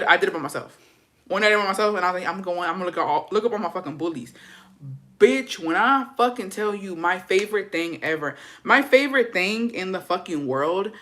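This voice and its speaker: A woman's voice: on the low side, fairly bright tone. Profane gossipy woman vlogger. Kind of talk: casual storytime chat.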